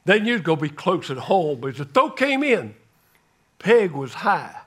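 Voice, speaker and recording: An older man delivers a sermon in a fairly high voice. He tells his story with drama, rising into loud calls and dropping to a near hush for emphasis. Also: very animated, moderate pace, slightly rough. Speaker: guest preacher.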